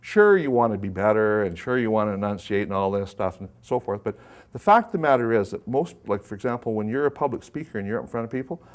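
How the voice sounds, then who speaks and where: A man's voice: on the low side, expressive, quick pace. A man presenting a live workshop to an audience, talking conversationally and putting questions to the room.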